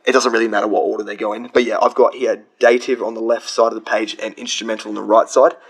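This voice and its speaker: A man's voice: lowish voice, flat delivery, fast, creaky, slightly rough, rough recording. A young man casually explaining grammar from his study notes, chatty and rambling, with frequent restarts.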